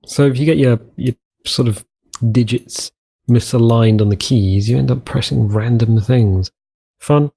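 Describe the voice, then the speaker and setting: A man's voice: medium pitch, moderate pace, gravelly, warm tone, slightly rough. A young man hosting a casual game commentary, chatting to himself in a rambling way and repeating words as he works. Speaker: gaming channel host. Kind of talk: casual let's-play commentary.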